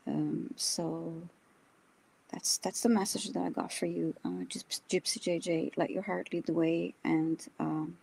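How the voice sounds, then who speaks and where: A woman co-hosting a live stream, giving psychic messages slowly and hesitantly, with many pauses. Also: lowish voice, fairly even intonation, gravelly, mellow, husky, poor audio. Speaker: psychic reader, co-host. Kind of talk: live-stream spiritual reading.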